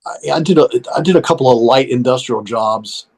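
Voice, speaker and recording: A man's voice: mid-range voice, fairly quick, creaky, a little mellow, poor audio. A man with a Southern US accent, chatting casually as a podcast co-host, rambling and self-deprecating with many restarts. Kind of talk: casual phone chat.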